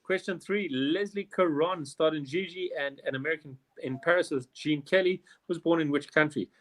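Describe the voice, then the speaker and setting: Guy hosting a quiz, bit higher voice, reads questions then goofs off and jokes around. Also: moderate pace. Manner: jokey, reads questions then riffs with swearing and laughs. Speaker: quiz host. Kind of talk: casual quiz hosting with banter.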